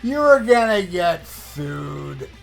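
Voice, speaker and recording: A man's voice: sits high, very animated, slow, creaky, faint music behind. A man hosting a podcast, talking in a casual monologue as a blunt, profane, ranting fan. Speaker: podcast host.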